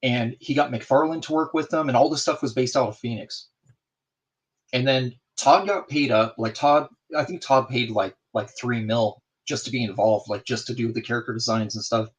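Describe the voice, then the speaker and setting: Man, casual storyteller over a video call, animated, plays out every line of dialogue. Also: medium pitch, normal speed. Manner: animated, acts out both sides of a conversation. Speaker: guest in a group video chat.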